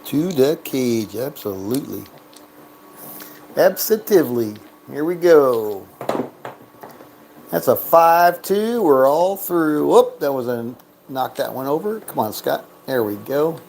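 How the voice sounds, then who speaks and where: Slow, mellow man calling craps rolls. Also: medium pitch, very animated, gravelly, slight background noise. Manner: chatty and joking, counting chips and bets aloud. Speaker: craps game player. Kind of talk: casual gameplay commentary.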